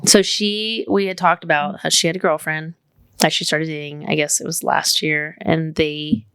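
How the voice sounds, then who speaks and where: A woman's voice: deep voice, steady tone, moderate pace, fairly bright tone, clear, resonant tone, no echo. A woman co-hosting a podcast, chatting casually and leaning heavily on "like" on a studio microphone. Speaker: podcast co-host.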